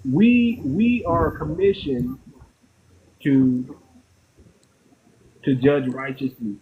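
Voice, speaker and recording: A man's voice: a little high, phone-quality sound, a little hiss or hum. A man in casual discussion, speaking in a preachy, insistent way and repeating phrases.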